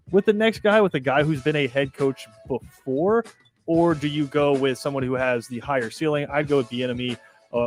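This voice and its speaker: A man from the American South hosting a casual sports talk show, giving fast, opinionated takes. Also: mid-range voice.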